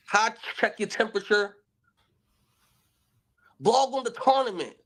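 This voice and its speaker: A man's voice: high voice, expressive, unhurried, vocal fry, long pauses. A man ranting in a casual vlog clip, blunt and profane, heavy on street slang. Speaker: battle rapper and tournament host.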